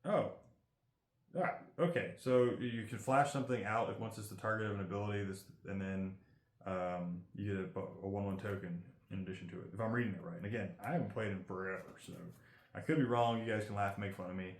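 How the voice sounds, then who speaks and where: A man's voice: on the low side, fairly even intonation, quick pace. A man giving chatty, rambling commentary as he opens trading card packs and reads the card text aloud. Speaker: card collector host. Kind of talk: casual card-opening commentary. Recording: roomy echo.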